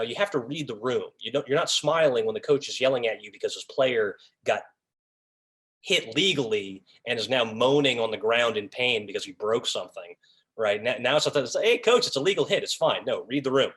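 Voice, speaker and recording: A man leading an officials' training session on a video call, talking casually and acting out what officials and coaches say. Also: mid-range voice. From raised by Long Islanders. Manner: animated, acts out lines of officials and coaches. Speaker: officiating instructor.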